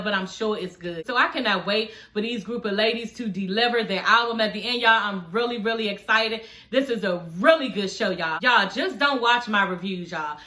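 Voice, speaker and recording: A woman's voice: medium pitch, pushed and bright. A woman giving a casual TV show review on her vlog, blunt and profane, chatting straight to her viewers as y'all.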